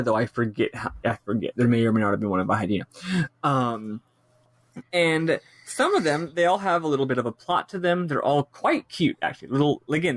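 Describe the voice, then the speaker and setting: A man co-hosting a casual game podcast, lively and swearing freely as he talks through his notes. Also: medium pitch, dry recording. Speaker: podcast co-host. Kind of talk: casual chat.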